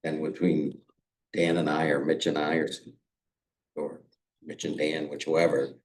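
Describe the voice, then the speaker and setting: A man's voice: a bass voice, little pitch movement, a little slow. A man, a town official at a committee meeting, speaking plainly with dry, sarcastic asides.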